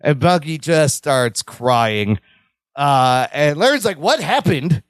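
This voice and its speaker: A man's voice: a little high, lively intonation, takes it slowly, no echo. A man co-hosting a podcast, casually recapping a sitcom episode with joking asides. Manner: joking asides, laughs between lines. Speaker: podcast co-host.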